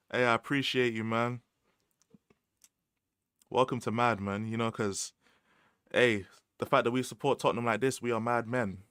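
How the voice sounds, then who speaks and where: A man's voice: medium pitch, steady tone, normal speed, pauses often, a bit bright, smooth, no echo, clean studio sound. A young man with a London accent, chatting casually on a livestream, full of slang and repeated phrases, laughing often. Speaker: livestream host. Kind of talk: casual livestream chat about football.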